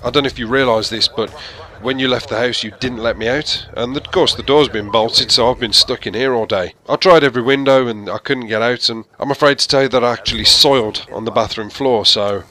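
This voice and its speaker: A man's voice: mid-range voice, brisk, sharp tone, close to an everyday voice. An English man voicing an apologetic house cat that was locked indoors all day, confessing politely and sheepishly.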